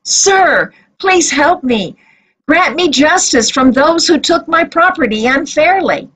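A woman's voice: expressive, slow, fairly bright tone, heavily acted. A woman doing a persistent pleading widow. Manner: high insistent pleading.

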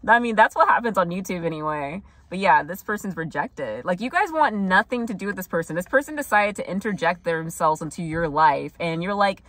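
A woman's voice: fairly low pitch, animated, a bit bright, dry recording. Chatty woman giving a casual tarot reading. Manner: chatty, filler-heavy, quick asides and mock quotes. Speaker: tarot reader.

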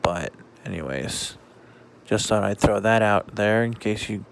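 A man talking casually in a vlog, halting often with fillers and restarts. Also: on the low side, expressive, creaky. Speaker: vlogger.

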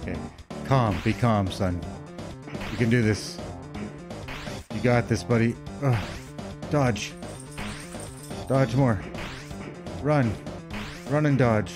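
A man commentating a video game as he plays, excitable and panicky, talking to himself, with game music behind him. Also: medium pitch, a little slow, pauses often. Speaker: let's play host.

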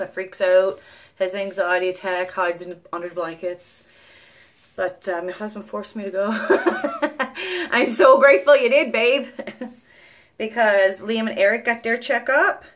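Swearing, laughing Newfoundland mom. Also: female voice, mid-range voice. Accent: Newfoundland English. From Newfoundland, Canada. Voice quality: swears freely, laughs often, rambling storytelling. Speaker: vlogger, mother. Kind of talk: casual chatty vlog monologue.

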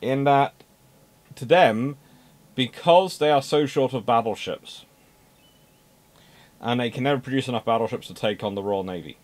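A man giving an unscripted naval history talk, emphatic, repeating words for stress and adding dry asides. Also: medium pitch.

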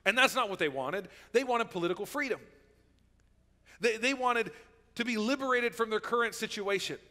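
A man's voice: sits high, pushed and bright, big-room sound. A man preaching a sermon as pastor, in a conversational way that keeps checking in with the listeners. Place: church sanctuary.

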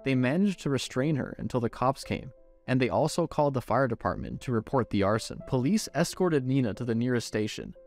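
A man's voice: mid-range voice, fairly quick, soft background music. A man reading a romance story aloud as first-person scripted narration. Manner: expressive storytelling.

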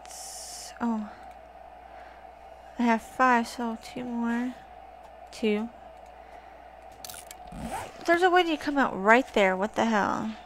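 A woman's voice: on the high side, takes it slowly, pauses often, fairly bright tone. A woman casually commentating her gameplay, swearing often and talking back to the zombies. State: wearing a wrist brace. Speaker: gaming channel host. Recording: noisy home recording.

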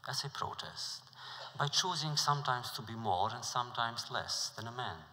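A middle-aged man giving a lecture, telling a story in a measured, deliberate way. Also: fairly low pitch, sharp tone. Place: lecture hall before an audience. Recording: reverberant lecture hall.

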